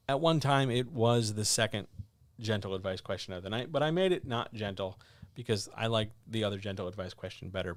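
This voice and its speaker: A man's voice: no room sound, studio quality. Blunt sardonic man hosting a live chat. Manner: blunt, sardonic, animated, with sudden jumps in pitch. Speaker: host of a writing advice livestream. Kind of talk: casual livestream chat answering viewer questions.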